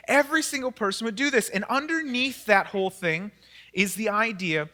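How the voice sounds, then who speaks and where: A middle-aged man preaching a lively sermon as senior pastor, energetic and laughing often as he acts out people's worried questions. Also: very high-pitched, fairly quick. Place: church worship hall.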